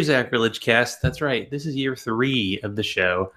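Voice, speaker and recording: A man's voice: mid-range voice, measured pace, fairly bright tone. A man hosting an interview podcast, delivering a playful, exaggerated intro and joking with his guest. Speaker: podcast host.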